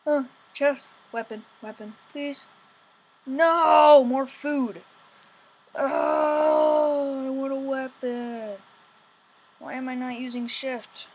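A young woman giving rambling, excitable let's-play commentary, often whining, recorded on a poor home setup. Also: high voice, slow pace, husky. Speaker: gamer.

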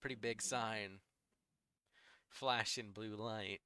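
A man's voice: lowish voice, steady tone, takes it slowly, bright, forceful tone, smooth, no echo. A young man narrating a tabletop game as game master, rambling with lots of fillers.

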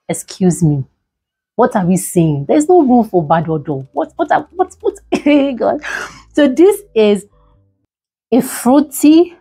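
A young Nigerian woman gushes through a product review vlog, dramatic and full of repeated pleas. Her voice is mellow and a little breathy, with faint music playing underneath. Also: mid-range voice, poor audio. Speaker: beauty vlogger. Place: indoors by a window.

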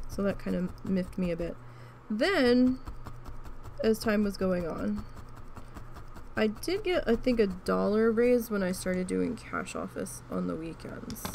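Woman, creaky voice, mid pitch, casual crafting vlog, frank storytelling. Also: very animated, a little slow, darkish tone, a little hiss or hum. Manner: chatty, frank, with frequent restarts and swearing. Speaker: crafting vlogger.

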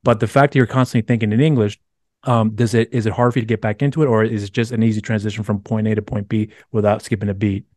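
A man's voice: on the low side, steady tone, fast talker, darkish tone, dry recording, studio quality. A man hosting a podcast interview, asking long, winding questions. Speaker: podcast host. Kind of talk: casual interview chat.

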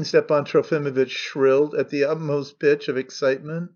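A man narrating an audiobook in steady, measured storytelling. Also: mid-range voice, muffled recording. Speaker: audiobook reader. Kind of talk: scripted narration.

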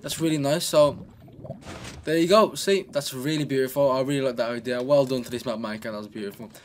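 A man narrating his gameplay in a loose, joking way, often coaxing himself along as he plays. His voice sits at an ordinary middle pitch and comes through a desk microphone, with faint keyboard clicking behind him. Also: fairly even intonation, fast, darkish tone, slight background noise. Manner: chatty and joking, talks to himself. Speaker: gaming channel host. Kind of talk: casual gameplay commentary.

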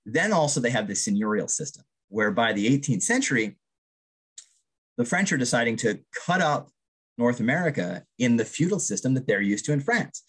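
A man from Vermont's Northeast Kingdom gives a public lecture on archaeology, enthusiastic and often checking in with "right?". His voice is lowish and slightly rough.

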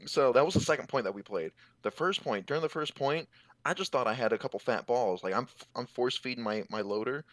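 A man's voice: medium pitch, fairly bright tone, dry recording. A man with an ordinary mid-range voice, picked up dry and close with no room sound. He co-hosts a casual podcast, easygoing and self-mocking, and stumbles a little over his words as he tells his side of the story. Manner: laid-back, self-deprecating, halting with "uh". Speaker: podcast co-host.

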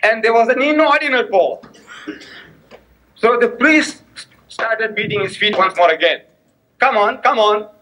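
A man's voice: high voice, lively intonation, a little slow, pauses often, pushed and bright, a little hiss or hum. A man giving a public religious lecture in a mosque hall, telling a story through repeated phrases and rhetorical questions, and acting out both sides of the quoted dialogue. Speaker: Islamic lecturer.

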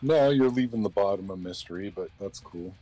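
Easygoing friend of the host, low male voice, hesitant casual chat, soft music under. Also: brisk, breathy edge. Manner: laid-back, hesitant. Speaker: friend watching the stream.

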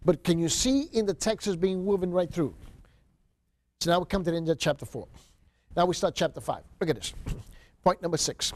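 A male Bible teacher lectures a class in a fairly high voice, reading verses aloud and pressing his points home. He repeats key phrases and keeps asking the room whether they see it. The sound is dry and close, with no room echo. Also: moderate pace, long pauses. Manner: emphatic, asks the class rhetorical questions, repeats key phrases. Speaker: seminary lecturer.

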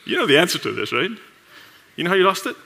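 An animated male pastor preaching in a casual, chatty way, slipping into quick voices for people at work. His voice sits a little high and rings bright and forceful. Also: gravelly. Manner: animated and conversational, laughs often; acts out coworkers' voices in quick asides. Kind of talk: sermon.

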